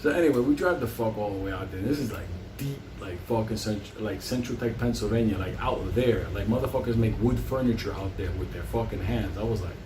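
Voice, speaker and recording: A man's voice: on the low side, a little fast, hardly any pauses, background noise. A man telling a long comic story from his life, rambling and swearing constantly. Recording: roomy, distant mic.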